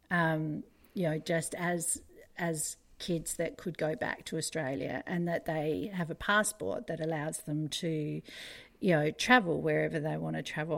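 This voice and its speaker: A woman's voice: deep voice, vocal fry, a bit bright. A middle-aged woman hosting a casual conversation, chatty and digressive with frequent fillers.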